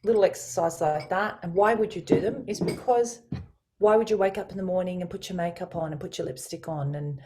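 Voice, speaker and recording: A woman voice coach, speaking as a guest over a video call, explaining her ideas with enthusiasm and lively emphasis. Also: on the low side, brisk, a little hiss or hum. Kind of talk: guest in a business interview.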